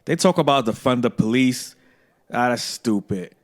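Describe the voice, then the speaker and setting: A man's voice: mid-range voice, animated, moderate pace. A male stand-up comedian telling brash, profane stories on a stage with a handheld mic. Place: comedy stage before an audience. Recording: live show with loud crowd laughter.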